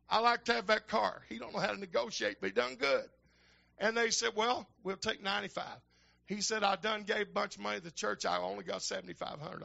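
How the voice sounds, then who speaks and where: An older man, a minister telling folksy stories in a sermon that build to shouting fervor. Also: high-pitched, gravelly, lo-fi sound. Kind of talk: storytelling sermon.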